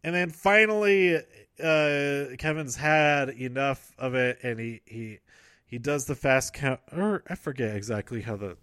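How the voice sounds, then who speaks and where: A man's voice: medium pitch, a little slow, a bit bright, no room sound, clean studio sound. Rambling man recapping a show. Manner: rambling, self-correcting, laughs often. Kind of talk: casual wrestling show recap.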